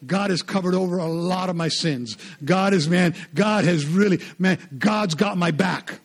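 A man preaching a sermon, animated and conversational, often repeating his words for emphasis. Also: high-pitched, normal speed, slightly rough. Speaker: pastor.

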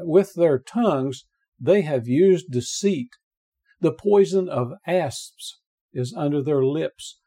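A man preaching a verse-by-verse Bible sermon, reading scripture aloud and hammering home key words with earnest repetition, with frequent pauses and restarts. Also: a little high, gravelly, dark tone. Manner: earnest, reads scripture aloud and stresses single words by repeating them; halting, with frequent uh fillers and restarts.

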